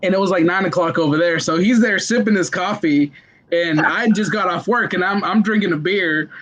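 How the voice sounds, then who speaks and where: A man on a casual online chat, relaxed and quick to laugh. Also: high-pitched, over a noisy crowd. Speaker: guest.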